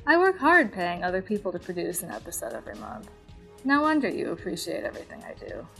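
A woman's voice: fairly low pitch, wildly swooping pitch, fast, vocal fry, a bit bright, faint music behind, poor audio. A woman parodying a self-absorbed podcast host in a sarcastic comedy monologue.

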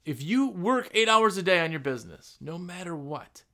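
A man hosting a podcast, giving blunt, animated motivational business talk full of rhetorical questions. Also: high-pitched, moderate pace. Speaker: podcast host.

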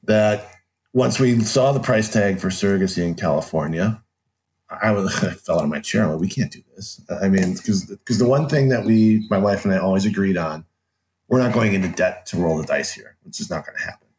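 A man's voice: deep voice, fairly quick, a little mellow. A middle-aged man telling his story as a podcast guest, rambling and restarting his sentences with short laughs. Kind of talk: casual conversational storytelling.

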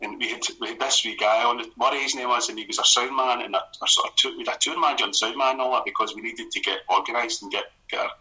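Fast-talking, bright-voiced Scottish man. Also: medium pitch, poor audio. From Scotland. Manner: rapid, animated storytelling with restarts and laughs. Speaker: guest, comedy writer. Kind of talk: casual radio conversation.

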